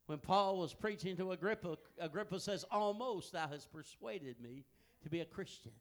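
An older man preaching a sermon, telling folksy family stories that swing from hushed asides to loud, emphatic peaks. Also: high-pitched, animated, moderate pace. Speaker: pastor.

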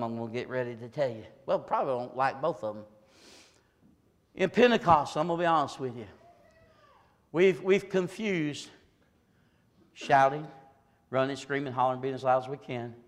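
An older man preaching a Pentecostal sermon in a church service, swinging from hollered peaks to low, confiding asides. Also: long reverb tail. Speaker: pastor.

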